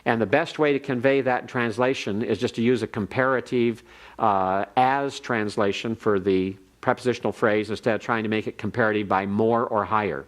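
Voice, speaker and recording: An older man teaching a grammar class, explaining in a measured way and reading Hebrew phrases slowly for students to repeat. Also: lowish voice, steady tone. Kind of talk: classroom lecture.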